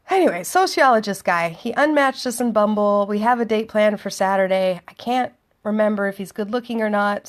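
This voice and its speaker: A woman telling a dating story in a chatty, sardonic monologue, acting out both sides of the conversation. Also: on the high side. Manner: chatty, sardonic, acts out dialogue. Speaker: vlogger.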